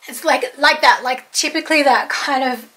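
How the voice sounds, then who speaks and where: A young Australian home and lifestyle vlogger with a high, sharp voice gives a chatty, enthusiastic tour of her home closet at a moderate pace. She speaks with an Australian accent and says "like" and "um" a lot in this casual wardrobe chat.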